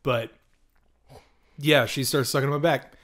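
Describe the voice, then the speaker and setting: Young male podcast co-host, casual storyteller, animated. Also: mid-range voice, a little slow. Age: young adult. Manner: animated storyteller, acts out quotes, frequent ums and throat clearing.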